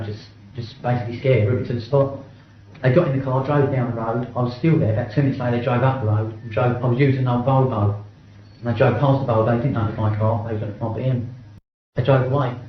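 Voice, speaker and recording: In an interview, a middle-aged man with a mid-range voice bluntly recounts his own experience, cursing frequently and tripping over false starts. The room recording is heavily echoey and dull, with slight hiss or hum.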